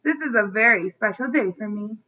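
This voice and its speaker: A woman voicing a tall, scheming French chef who barks orders, with a smooth French accent, heard over a tinny phone-like line. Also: sits high, expressive, brisk, distant mic. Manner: pompous, barking orders.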